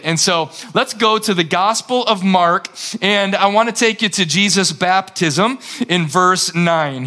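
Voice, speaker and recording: A male pastor preaching a sermon in an energetic, conversational way, retelling scripture scenes dramatically. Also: high-pitched.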